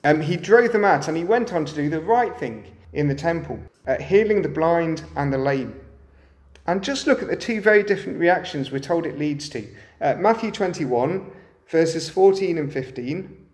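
Guy preaching, bit high pitched, lots of "isn't it?" questions, roomy echo. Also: animated, normal speed, darkish tone. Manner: rhetorical questions to the listeners. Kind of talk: sermon.

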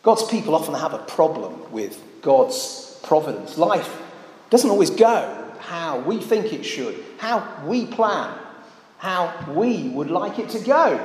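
A man's voice: a little high, a little mellow. A man preaching a sermon in a church, earnest and often putting rhetorical questions to the congregation. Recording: echoey church hall.

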